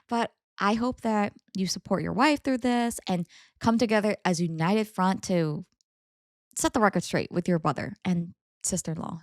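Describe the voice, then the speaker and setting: A woman co-hosting a casual story-discussion podcast with her partner, chatty and animated, laughing often. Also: mid-range voice, no echo, studio quality. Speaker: co-host reading Reddit stories.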